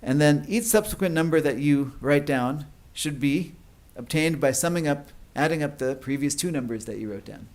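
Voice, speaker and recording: A man's voice: fairly high pitch, animated, normal speed, few pauses, a little mellow. A man giving an academic lecture at a conference. He explains at length, with many fillers and restarts. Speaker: conference speaker.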